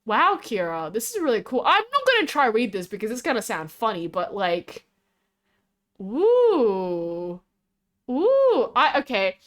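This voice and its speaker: A woman's voice: a little high, sing-song, a little fast, few pauses, sharp tone. A young Australian woman streaming as a VTuber, chatting casually with a rambling, giggly way of talking as she reads chat aloud.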